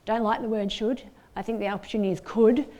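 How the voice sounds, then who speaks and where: A woman's voice: mid-range voice, steady tone, quick pace, mellow. Aussie woman counsellor on a panel, friendly and encouraging. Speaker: counsellor and guest speaker. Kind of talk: panel discussion.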